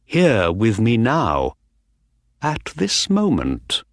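A man voicing a calm, knowing detective in an audiobook, speaking in a quietly teasing way. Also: mid-range voice, drawn-out words, no room sound, clean studio sound, full character voice. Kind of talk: audiobook character reading.

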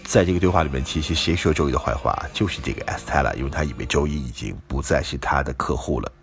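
Deep-voiced man explaining English phrases. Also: quick pace, very noisy. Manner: explanatory, steady. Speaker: English teacher. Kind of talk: language lesson narration.

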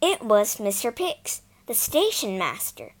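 A woman narrating a children's storybook slowly and expressively. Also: a little high. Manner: slow and expressive.

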